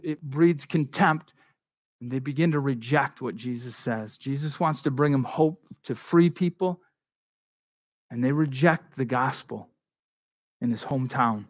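A male pastor preaching a sermon in a conversational way, slipping into quick voices for the people in the story. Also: a little high.

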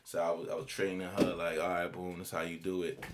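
A man telling a story in casual chat, slangy and animated, jumping his voice up to act out quoted people. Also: low-pitched, fairly quick, very noisy.

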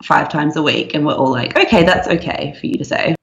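A young woman co-hosting a podcast, chatting casually and emphatically, talking in quick bursts. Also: low voice, gravelly. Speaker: podcast co-host. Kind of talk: casual chat. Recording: muffled, roomy sound.

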